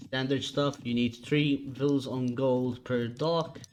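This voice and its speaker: A man's voice: medium pitch, slow pace, a little hiss or hum. Tired man casting a strategy game. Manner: relaxed, chatty, yawning. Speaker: esports caster. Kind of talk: solo game commentary.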